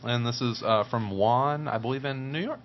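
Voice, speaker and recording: A man's voice: mid-range voice, moderate pace. Man co-hosting a chatty podcast. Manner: laughing, relaxed. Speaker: podcast co-host. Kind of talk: casual chat. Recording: dull lo-fi sound.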